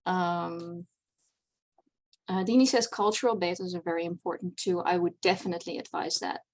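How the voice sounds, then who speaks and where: A woman's voice: on the low side, steady tone, normal speed. A woman, a non-native English speaker, giving a chatty convention panel talk on writing, with many fillers and restarts. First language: not English. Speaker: panel presenter.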